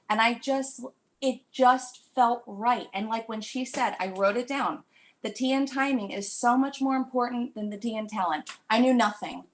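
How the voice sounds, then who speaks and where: A woman's voice: fairly high pitch, a little fast. A young woman giving an emotional, gushing testimonial on a group call, talking with breathless enthusiasm. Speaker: new team member giving a testimonial.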